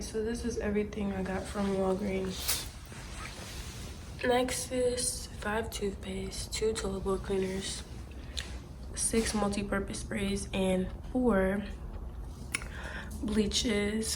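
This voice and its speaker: Young woman, couponing vlogger, casual chat, a little sick voice, faint car noise behind. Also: mid-range voice. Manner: chatty, tallies items aloud, addresses viewers directly. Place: parked car.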